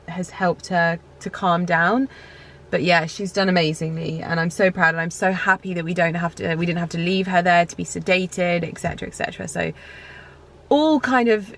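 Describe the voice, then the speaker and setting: A woman's voice: lowish voice, a bit bright. A woman, vlogging in a casual, rambling way with many fillers and an emotional edge. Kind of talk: casual vlog chat.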